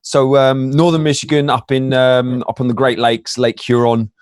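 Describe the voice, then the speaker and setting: A man's voice: mid-range voice, little pitch movement, normal speed, clean tone, no echo, clean studio sound. A man, a guest in a casual interview, telling stories with many fillers and restarts. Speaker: podcast guest.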